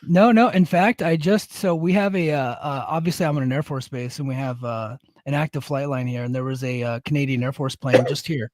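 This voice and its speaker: A man's voice: mid-range voice, brisk, hardly any pauses, darkish tone, no echo, clean studio sound. A man co-hosting a podcast in casual chat, easygoing and reading out chat names. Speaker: podcast co-host; Air Force service member in leadership.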